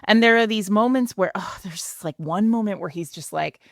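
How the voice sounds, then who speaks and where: A woman co-hosting a book podcast, excitedly retelling a romance novel in casual chat with lots of filler words. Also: mid-range voice, brisk, no room sound, clean studio sound. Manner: animated storytelling, many filler likes. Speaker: podcast co-host.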